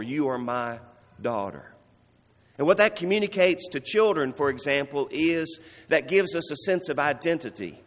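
A male pastor giving an earnest sermon, slowing down and softening to stress key phrases. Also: on the high side, long reverb tail. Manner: earnest, warm preaching with soft, slowed emphasis on key phrases.

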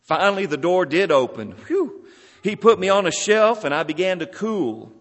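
A man's voice: high-pitched, very animated, moderate pace. A man voicing a small clay teacup that cries out and pleads as it is shaped and fired. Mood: pleading. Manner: pleading, crying out in distress. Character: small talking clay teacup, suffering then amazed. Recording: long hall reverb.

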